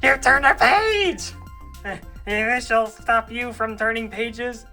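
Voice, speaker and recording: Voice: slow pace, bright, forceful tone, faint music behind. A young adult voicing a small, jittery mushroom character who is easily scared and keeps pleading. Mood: panicked. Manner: shrill, panicky, pleading.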